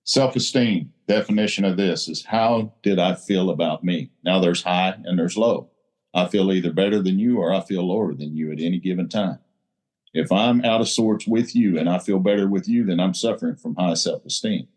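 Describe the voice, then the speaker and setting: A man's voice: low voice, moderate pace, a little mellow. A man giving a blunt, salty talk at a recovery group meeting, leaning into his points like a preacher.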